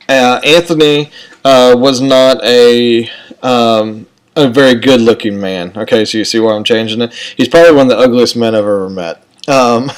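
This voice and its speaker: A man tells a personal story in a relaxed, rambling way, looping back on himself with "okay" and "and so". His voice sits at an ordinary middle pitch, and the telling feels like casual talk among friends. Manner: rambling, chatty, frequent "okay" and "and so". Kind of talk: casual spoken anecdote.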